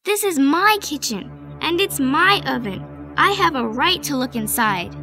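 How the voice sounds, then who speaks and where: A woman voicing a weepy, eager young schoolgirl in a storybook reading, with a high, childlike voice. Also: expressive, measured pace, bright, forceful tone, soft background music, exaggerated voice. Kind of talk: storybook character voice.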